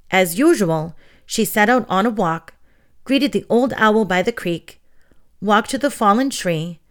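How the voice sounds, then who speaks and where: A woman reading a children's fairy tale aloud in an expressive, gentle storytelling manner. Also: medium pitch.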